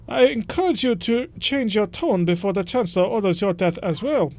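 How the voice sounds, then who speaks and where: A man's voice: high voice, lively intonation, normal speed, a little mellow, no room sound, pitched above the performer's own voice. A man voicing a haughty male noble envoy who issues cold, formal threats while reading game dialogue. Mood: menacing.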